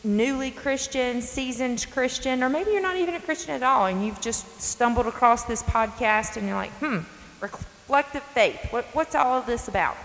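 A woman in her forties from North Carolina with a Southern accent, hosting a faith podcast in an earnest, folksy, emphatic way from her front porch. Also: fairly high pitch. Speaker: podcast host. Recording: long reverb, faint hiss.

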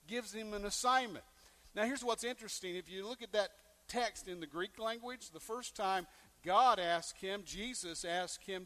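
A man preaching a sermon, telling a personal story and acting out the quoted lines with big swings in loudness. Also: sits high, moderate pace. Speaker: pastor.

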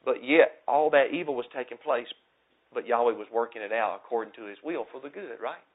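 A male preacher delivering a sermon, surging to loud emphatic stresses and dropping low again, acting out quotes in character. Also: a little fast. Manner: acts out quoted speech in character. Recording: tinny phone-like narrow sound.

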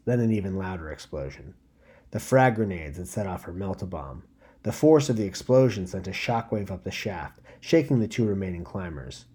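A man hosting a podcast, reading a piece of fiction aloud in a steady, measured storybook narration. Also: fairly low pitch, breathy edge.

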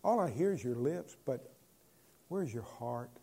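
A man, a pastor, preaching a conversational sermon and moving between loud proclamation and quiet asides. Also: medium pitch, lively intonation, a little slow, gravelly, husky.

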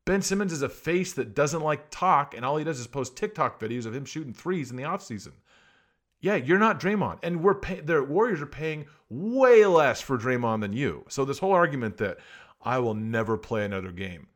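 Man ranting with sarcastic questions. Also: a little high. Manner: sarcastic, heated rhetorical questions; rants and argues. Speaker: sports commentator. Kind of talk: casual sports talk monologue.

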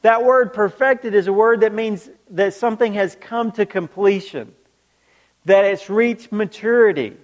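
A man with a high voice preaches to his congregation, pausing to fire rhetorical questions back at them. His words ring out with a long reverb that fills the large church hall. He talks like a pastor working the crowd. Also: lo-fi sound. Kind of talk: sermon.

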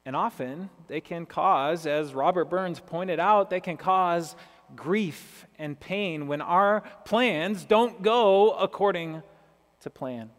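Male preacher, high voice, long hall reverb, casual and questioning. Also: slow pace, fairly bright tone. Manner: chatty, asks listeners questions. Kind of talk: conversational sermon.

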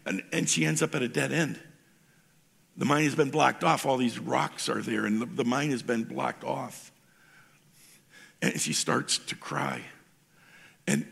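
A man's voice: medium pitch, vocal fry, fairly bright tone, slightly rough. A pastor preaching a sermon in an informal storytelling way, often stumbling and repeating words as he starts a thought.

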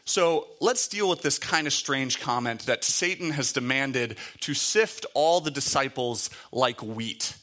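A man's voice: medium pitch, a little slow, few pauses, bright, forceful tone. A man giving a conversational sermon, reading scripture aloud and explaining it with frequent fillers. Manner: conversational, with many fillers and restarts. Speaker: preacher.

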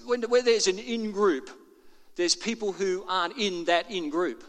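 A man's voice: high voice, a bit bright, in a large hall. An older man preaching a sermon to his congregation in a chatty, self-deprecating way. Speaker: pastor. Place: church auditorium.

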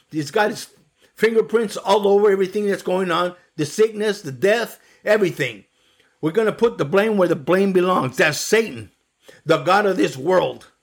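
A man's voice: sits high, vocal fry. A middle-aged man preaching a sermon, earnest and emphatic, firing off rhetorical questions.

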